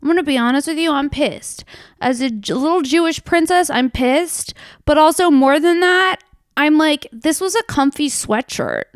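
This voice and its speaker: A young woman comedian hosting her own show in a casual, profane monologue, swinging between hushed asides and loud outbursts. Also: high voice, moderate pace, no echo, studio quality.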